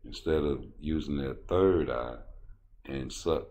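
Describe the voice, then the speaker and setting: A man rants about boxing in a rambling, blunt, profane style. His voice is very low and heavy. He talks casually, as if speaking straight to his viewers. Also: slow pace, darkish tone. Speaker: boxing commentator. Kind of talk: casual commentary rant.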